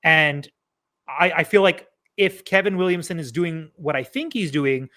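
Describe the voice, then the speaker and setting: Relaxed man swapping movie theories. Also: on the high side, normal speed. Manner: relaxed, laughs easily, swears casually. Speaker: podcast guest. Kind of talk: casual movie-trailer chat.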